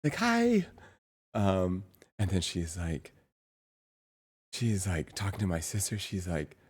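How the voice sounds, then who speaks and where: A man with a notably deep, low voice talks casually on a live stream. He rambles and hesitates, stopping often to search for words and restarting his sentences. The delivery stays loose and unscripted. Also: fairly even intonation, darkish tone, slightly rough. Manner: rambling, halting, many fillers and restarts.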